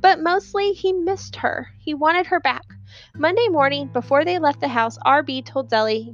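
A woman narrating an audiobook in an expressive storytelling manner. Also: sits high, normal speed, muffled recording, soft background music. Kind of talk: scripted narration.

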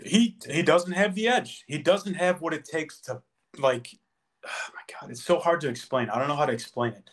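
A man's voice: fairly high pitch, a little fast. A man co-hosting a podcast, making his case in a casual sports debate with passion and emphasis. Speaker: podcast co-host.

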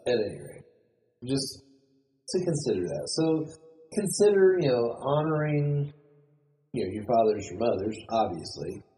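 A man's voice: medium pitch, dark tone, low-quality recording. A man in a podcast talk reflecting on faith and peace in a loose, rambling way, often restarting sentences and acting out quoted voices. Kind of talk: casual spoken reflection on scripture.

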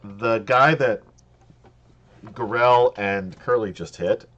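A man's voice: mid-range voice, slow, fairly bright tone, dull audio. A man running a tabletop game on a stream as game master, loose and joking, laughing often.

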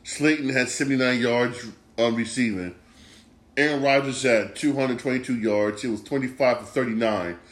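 A man's voice: mid-range voice, steady tone, moderate pace. A man hosting a sports podcast, ranting about a football loss, upset and swearing, repeating himself often. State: upset and disgusted. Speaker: podcast host. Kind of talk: casual sports rant.

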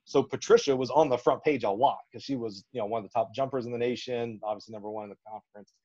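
A man from Alabama, a track coach, spins a long story on a podcast in a folksy, animated way and acts out every quote. His voice sits mid-range, and the recording is slightly muffled and lo-fi. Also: mid-range voice, quick pace. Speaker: track and field coach, guest. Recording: slightly dull lo-fi audio.

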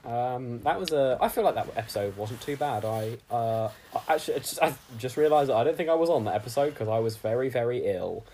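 A man co-hosting a casual comedy podcast, rambling and halting with lots of fillers. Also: mid-range voice, animated, crowd noise. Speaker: podcast co-host.

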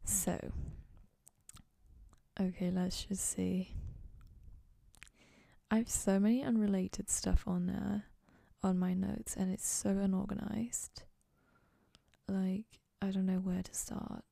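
A woman's voice: mid-range voice, little pitch movement, slow, gravelly, pauses often, warm tone, dry recording, clean studio sound. A young woman hosting a podcast, chatting casually and rambling in a goofy, self-mocking way from her dorm room. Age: young adult. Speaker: podcast host. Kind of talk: casual solo chat.

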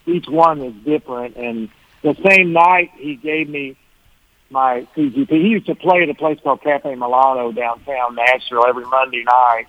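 A man's voice: mid-range voice, steady tone, normal speed, no room sound. Man telling stories over a phone line. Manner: rambling, self-correcting, chuckling. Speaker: guest musician. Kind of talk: casual storytelling interview.

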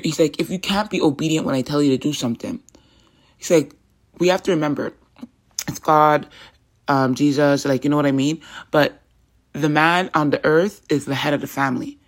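A woman hosting a faith podcast, talking in an earnest, chatty way with casual slang and quick asides. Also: deep voice. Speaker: podcast host. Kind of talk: casual devotional podcast talk.

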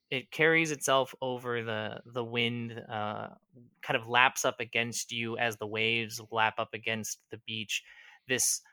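Bright, crisp-voiced male game master. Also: mid-range voice, no room sound, studio quality. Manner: descriptive, unhurried with frequent ums. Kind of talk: narrating a tabletop game.

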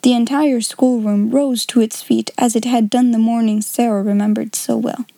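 A woman reading a storybook aloud in a measured, expressive way. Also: on the high side, gravelly, no room sound.

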